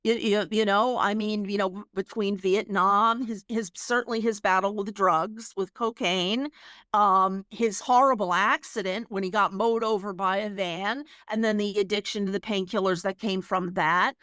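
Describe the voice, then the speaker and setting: A woman's voice: medium pitch, steady tone, normal speed, a bit bright, no echo, studio quality. A woman co-hosting a podcast, chatting casually and telling stories with laughs and frequent restarts. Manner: chatty storyteller, laughs, many restarts and fillers. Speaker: podcast co-host. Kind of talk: casual chat.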